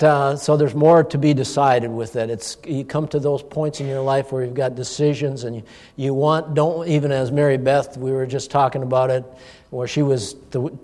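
A middle-aged man, a pastor, giving an informal sermon, telling a personal story in a folksy, animated way with chuckles. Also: medium pitch. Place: church hall. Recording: long church-hall reverb.

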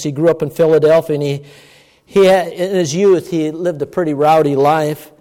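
A man preaching a sermon with emphatic delivery, moving between loud, stressed words and hushed asides. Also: on the high side. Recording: long church-hall reverb.

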